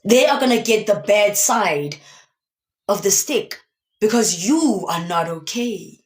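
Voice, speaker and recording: A woman's voice: medium pitch, lively intonation, slow. A woman from South Africa giving a motivational talk on a live stream, speaking emphatically and asking many rhetorical questions. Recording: echoey room.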